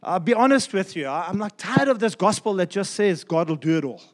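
Emphatic high-voiced male pastor preaching. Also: lively intonation. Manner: emphatic, repeats key phrases, slows down for stress. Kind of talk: sermon.

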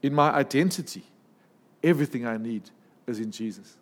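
A man preaching a sermon in a lively, humorous way, with asides and jokes. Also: mid-range voice, normal speed, in a large hall.

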